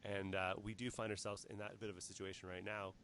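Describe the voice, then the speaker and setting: Canadian guy hosting a chat, talks super fast, bit of background noise. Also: on the low side, flat delivery, fairly bright tone. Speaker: host. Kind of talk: casual livestream interview.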